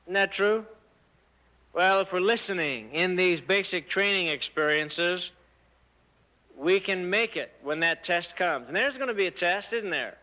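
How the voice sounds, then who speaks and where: A man speaking to a youth audience in an animated storytelling way, full of rhetorical questions and acted-out dialogue. His voice is fairly high and forceful. The old recording sounds muffled and lo-fi. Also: a little slow. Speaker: church speaker addressing youth. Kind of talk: sermon-style talk to teens.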